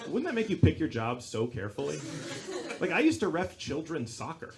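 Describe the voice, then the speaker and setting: A young man doing a stand-up comedy set on a club stage, telling stories deadpan and bursting into loud acted-out quotes. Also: a little high, brisk. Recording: live club recording, audible crowd noise.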